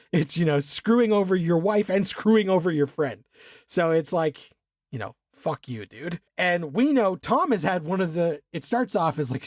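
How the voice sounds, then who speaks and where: A man co-hosting a podcast, casually talking through a film, animated, laughing and swearing as he acts out scenes. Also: a little high, dry recording, studio quality. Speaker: podcast co-host.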